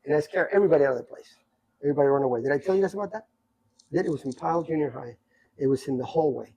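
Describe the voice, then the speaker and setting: A man in his sixties telling rambling, animated stories from his youth in a casual podcast chat. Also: a little high, racing, breathy edge, rough recording. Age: 60s. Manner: rambling, animated anecdotes with many asides. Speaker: podcast guest storyteller. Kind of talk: casual storytelling.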